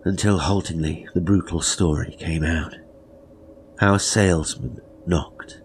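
Male narrator for a classic horror story, very low voice, grave and measured, faint background hiss. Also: fairly even intonation. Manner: measured, grave, dropping to whispers. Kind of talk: dramatic horror story reading.

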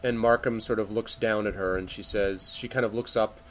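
A man's voice: on the low side, fairly even intonation, fairly quick, slight background noise. A man narrating a tabletop game as game master, with loose delivery full of fillers, voicing the characters' lines himself.

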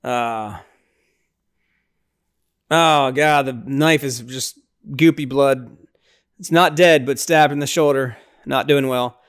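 A man's voice: slow pace, long pauses, smooth. A young man hosting a podcast, casually recapping a horror film with lots of fillers and briefly acting out the characters' lines. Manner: excitable, lots of fillers, acts out lines in high voices. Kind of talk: casual movie recap chat.

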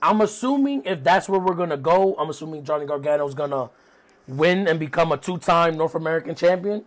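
A man's voice: a little high, animated, fairly quick. A young man giving a loose, profane review of a wrestling show, with plenty of fillers and asides. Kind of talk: casual recap commentary.

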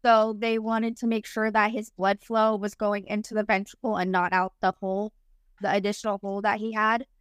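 A woman's voice: mid-range voice, flat delivery, normal speed, smooth, no room sound, studio quality. A woman in her thirties telling a personal story as a podcast guest, rambling and full of "like". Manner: rambling, heavy use of "like". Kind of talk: casual storytelling.

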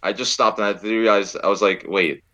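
A young man with a very low voice that still has a bright, forceful edge. He rambles through goofy stories in loose, laughing chatter. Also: fairly even intonation, brisk. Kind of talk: casual chat.

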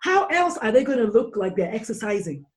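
A woman guest speaks with emphasis and rising intensity, firing rhetorical questions one after another and swearing now and then. Her voice sits somewhat high for a woman. She talks in an open, conversational style. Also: big pitch swings, a little fast. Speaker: guest, mother of three sons. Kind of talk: impassioned conversation.

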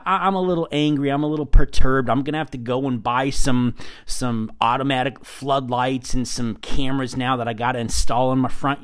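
Earnest man preaching a heartfelt devotional. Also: mid-range voice. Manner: earnest, repeats words when starting, builds to emphatic rhetorical questions; frequent fillers and restarts, heartfelt. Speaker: Christian podcast host giving a devotional. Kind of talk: devotional sermon talk.

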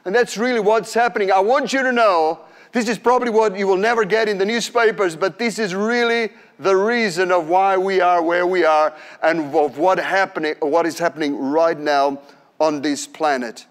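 Fervent high-voiced male preacher. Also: fairly even intonation, normal speed, clear, resonant tone. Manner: fervent storytelling with emphatic repetitions. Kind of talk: sermon.

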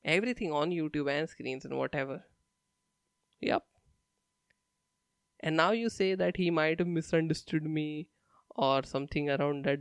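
A man's voice: a little high, normal speed, gravelly, pauses often, smooth, no echo. A young man from India, a stand-up comedian telling stories in a blunt, profane, casual monologue.

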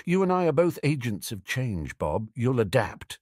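A man's voice: mid-range voice, sing-song, moderate pace, a little mellow, no echo, faint music behind. A man voicing an irritable, sarcastic male wizard schemer in a storybook reading. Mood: scheming. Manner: sarcastic, disdainful.

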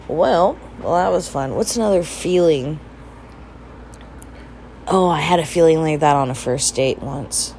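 A chatty young woman with a slightly low voice tells a personal story for her vlog, playfully acting out what she and others said. A faint hum of background noise sits under her voice. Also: darkish tone, poor audio. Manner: chatty, laughs often, acts out quoted dialogue. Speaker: vlogger.

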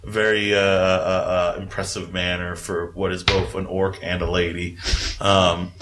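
A man's voice: low-pitched, level tone, measured pace, noisy background. A man narrating a tabletop game as game master, casual and rambling, full of fillers.

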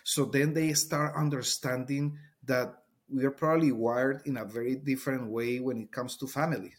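A man's voice: medium pitch, fairly even intonation, normal speed, slightly rough. A middle-aged man from Colombia, a Spanish speaker with a Colombian accent, talking earnestly as a teacher in an interview and often repeating words as he searches for them. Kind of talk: interview conversation.

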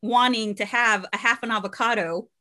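A woman's voice: on the high side, fairly even intonation, moderate pace, bright, forceful tone. A woman chatting casually and telling stories, her speech full of "like" and "you know". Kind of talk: casual chat.

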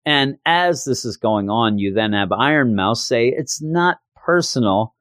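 A man co-hosting a podcast, recapping a comic issue in casual chat and switching into goofy high voices when quoting characters. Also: a little slow, no room sound, studio quality. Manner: animated retelling, jumps into high goofy voices for quotes. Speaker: podcast co-host reviewing comics.

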